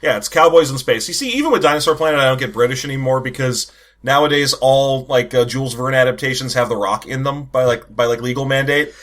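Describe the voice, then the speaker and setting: A man's voice: mid-range voice, quick pace, fairly bright tone. A man co-hosting a comedy podcast, chatting casually and irreverently, laughing often. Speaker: podcast co-host.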